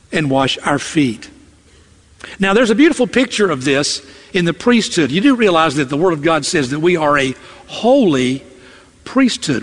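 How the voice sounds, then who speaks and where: High-voiced preacher in an echoing hall. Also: male voice. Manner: emphatic, acts out quoted lines in character. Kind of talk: expository sermon.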